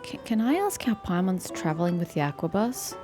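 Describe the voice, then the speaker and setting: A woman's voice: fairly low pitch, sing-song, a little fast, over music. A young woman streaming a game, making sarcastic, grumbling asides as she plays. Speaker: gaming streamer. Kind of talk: let's play commentary.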